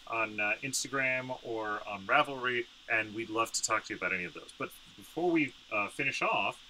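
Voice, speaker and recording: Bright-voiced man cracking jokes. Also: medium pitch, fairly quick, a little hiss or hum, poor audio. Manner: joking asides, hesitant with uhs. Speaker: co-owner of yarn business. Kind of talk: casual product presentation. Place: home studio, indoors.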